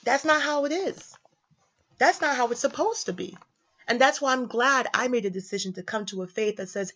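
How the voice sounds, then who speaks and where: A woman's voice: a little high, moderate pace, fairly bright tone. A young woman giving casual religious commentary, emphatic and slangy, repeating lines for effect. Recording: slightly dull lo-fi audio.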